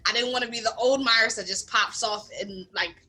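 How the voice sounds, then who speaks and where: Young Philly woman, podcast co-host: bright, punchy, higher voice, animated, candid storyteller. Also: brisk. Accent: Philadelphia.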